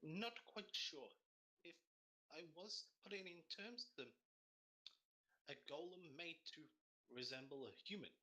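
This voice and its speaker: Bright-voiced man playing a tabletop game. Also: on the high side, a little slow, long pauses. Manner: blunt, sweary, dramatic. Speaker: player.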